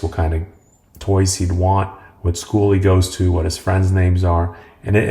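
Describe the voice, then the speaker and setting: A man hosting a casual tech tutorial, talking in a relaxed, rambling way with filler words. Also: low voice. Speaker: host.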